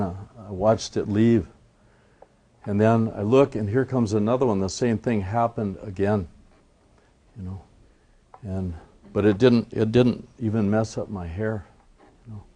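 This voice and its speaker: A man telling a traditional story as a teaching, in an unhurried, reflective way with many asides. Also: fairly low pitch, mellow. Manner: unhurried, reflective, frequent "you know".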